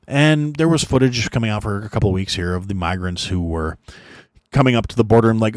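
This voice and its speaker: A man's voice: lowish voice, a little fast, no echo, clean studio sound. A man hosting a podcast, ranting bluntly about politics with heavy swearing and lots of restarts. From United States. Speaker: podcast host. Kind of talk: profane political rant.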